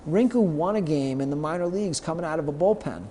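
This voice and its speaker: A middle-aged man, a guest on an interview show, telling anecdotes lively and acting out the lines of the people in them. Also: a little high, quick pace. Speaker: guest, sports marketer. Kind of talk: storytelling in a podcast interview.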